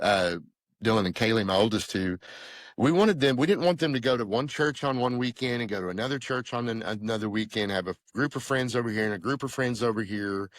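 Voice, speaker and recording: A middle-aged man, telling his faith story earnestly as a podcast guest and acting out the dialogue he recalls. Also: no room sound. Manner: earnest storytelling, acting out quoted dialogue with lively pitch jumps. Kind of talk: personal testimony in conversation.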